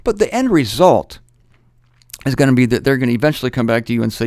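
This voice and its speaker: A man's voice: medium pitch, very animated, quick pace, a little mellow, no room sound, studio quality. A middle-aged man giving informal Bible teaching, talking conversationally with joking asides and stopping to correct himself.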